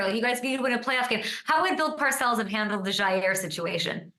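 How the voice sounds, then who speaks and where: A woman hosting a sports talk show, bubbly and quick in banter with her guest. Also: fairly high pitch, pushed and bright, roomy sound.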